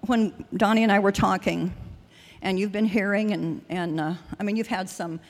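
A woman's voice: medium pitch, steady tone, moderate pace. An older woman giving an earnest sermon and personal testimony at a church service, rambling at times with restarts and fillers. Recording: long hall reverb.

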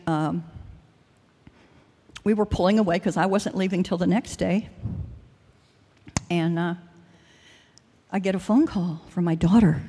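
A woman's voice: lowish voice, darkish tone, husky. Older woman preaching in a reverberant hall. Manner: earnest, rambling with restarts and fillers. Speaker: speaker at a church service. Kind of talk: sermon with personal testimony.

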